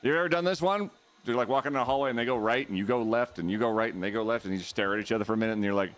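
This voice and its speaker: A man's voice: mid-range voice, very fast. A man streaming a video game, chatting with his viewers in a playful, jokey way. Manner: playful, jokey, shrieks and laughs. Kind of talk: casual live-stream chat.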